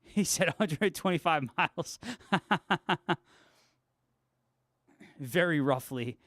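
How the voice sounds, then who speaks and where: A man's voice: a little high, lively intonation, slow pace, a bit bright, dry recording, clean studio sound. A young man hosting a guitar livestream, chatting casually with viewers, laid-back and swearing freely. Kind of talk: casual chat reading viewer comments.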